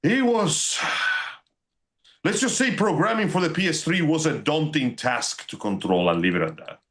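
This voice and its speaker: A man's voice: a little high, animated, normal speed, a bit bright. A man co-hosting a podcast in casual chat, opinionated, ranting and swearing. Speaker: podcast co-host.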